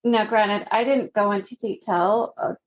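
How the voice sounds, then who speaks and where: A woman in her thirties telling a personal story as a podcast guest, earnest and gently laughing between phrases. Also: medium pitch, fairly even intonation, a little slow, slight background noise.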